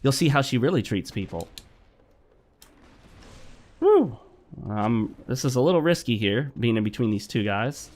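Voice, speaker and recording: A man's voice: medium pitch, lively intonation, a little fast, few pauses. Blunt lecturing man over gameplay. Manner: lecturing, blunt, repeats himself. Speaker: gaming commentator. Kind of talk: opinionated commentary over gameplay.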